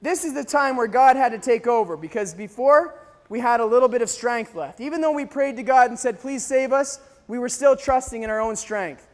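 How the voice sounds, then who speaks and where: A young man telling a dramatic story to an audience, acting out scenes with animated delivery. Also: high voice, in a large hall. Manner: animated, acts out scenes, sometimes shouts. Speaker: speaker telling a mission story.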